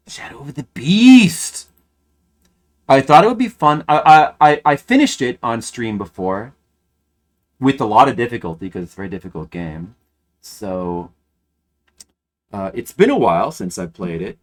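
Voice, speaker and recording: A man streaming games, chatting casually and thinking aloud, rambling with frequent restarts. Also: medium pitch. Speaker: game streamer. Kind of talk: casual live-stream chat.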